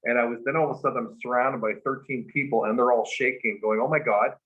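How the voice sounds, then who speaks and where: A man, a guest, casually telling a long story, animated and full of fillers. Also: mid-range voice, fast talker. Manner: animated retelling with many fillers. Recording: dull lo-fi recording.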